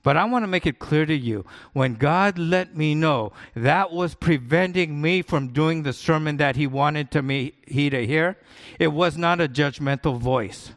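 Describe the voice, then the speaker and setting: A man's voice: a little high, measured pace. A middle-aged man, a pastor, preaching a sermon in an earnest, conversational way, repeating his key points for emphasis.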